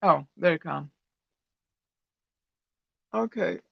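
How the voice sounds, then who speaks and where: A woman's voice: fairly low pitch, animated, very slow, vocal fry, husky, no room sound, dull audio. A woman hosting a casual livestream, chatting with viewers and telling stories with frequent laughter. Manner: chatty storyteller who laughs often. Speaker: livestream host.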